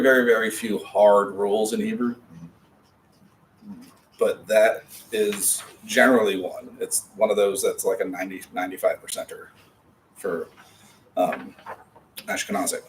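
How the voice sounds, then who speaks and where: Man, class teacher, patient and chatty, lowish voice, distant mic with faint hiss. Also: moderate pace, long pauses. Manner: patient, explanatory, chatty asides. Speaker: Hebrew teacher. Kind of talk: classroom lecture.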